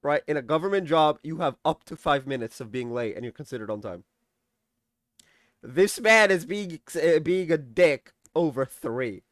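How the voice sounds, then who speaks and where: A young man with a slightly high voice gives a loose, rambling episode recap, cussing freely and slipping into sarcastic mock quotes. He sounds close to the mic in a dry, dead room. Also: expressive, moderate pace, no room sound. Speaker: TV episode reviewer. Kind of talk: casual recap and commentary.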